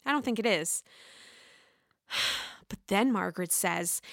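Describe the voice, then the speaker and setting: A woman's voice: medium pitch, normal speed, vocal fry, fairly bright tone, no room sound, clean studio sound. A woman giving a casual, opinionated and profane recap of a reality show.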